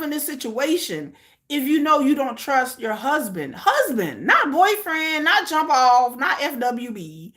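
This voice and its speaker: A woman's voice: high voice, very animated, unhurried, fairly bright tone. A woman hosting a casual reaction watch-along, talking bluntly and emphatically with plenty of profanity and repeated phrases for punch. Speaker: host of a live watch-along.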